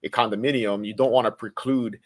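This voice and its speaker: A man on a real estate panel, explaining how insurance affects condo lending in a measured way. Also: medium pitch, steady tone. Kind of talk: explanatory discussion.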